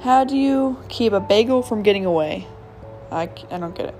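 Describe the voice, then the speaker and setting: A woman's voice: medium pitch, lively intonation, fairly quick, warm tone, faint music behind. A woman hosting a casual solo podcast, reading jokes aloud with frequent giggles and stumbling over the punchlines. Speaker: podcast host.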